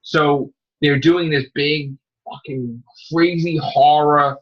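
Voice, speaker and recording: Excitable swearing man, muffled lo-fi sound. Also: on the high side, slow pace. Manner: excitable, rambling, swears a lot, retells scenes. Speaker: podcast host. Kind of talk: casual comic book chat. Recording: dull lo-fi recording.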